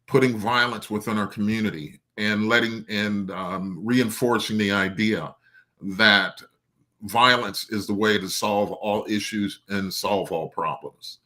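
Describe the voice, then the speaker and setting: A man with a low voice calls in to a talk show. His tone is bright and forceful, and he speaks earnestly, working through his thoughts with plenty of fillers. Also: steady tone, measured pace. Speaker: caller. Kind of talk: casual call-in talk.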